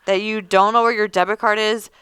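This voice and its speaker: A woman's voice: medium pitch, level tone, fairly quick, fairly bright tone, smooth, no room sound. A woman co-hosting a podcast in casual chat, blunt and emphatic, swearing now and then. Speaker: podcast co-host.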